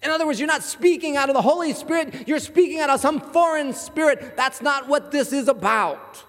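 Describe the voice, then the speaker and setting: Male pastor, very high voice, animated storyteller, live sermon in an echoing hall. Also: brisk. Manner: animated storytelling, acts out voices in his anecdotes.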